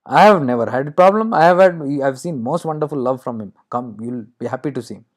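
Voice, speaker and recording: A man's voice: medium pitch, fast talker, natural voice. A man voicing a confident young disciple who coaxes and reassures. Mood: coaxing. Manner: coaxing, reassuring. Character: confident young boy disciple, eager and cheerful.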